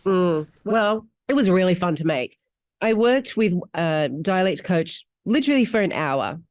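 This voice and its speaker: A middle-aged Australian woman, an actor, telling stories in an interview with animated, candid delivery. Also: measured pace, dry recording, clean studio sound. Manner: animated, candid storytelling with wide pitch swings. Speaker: actor guest. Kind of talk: interview conversation.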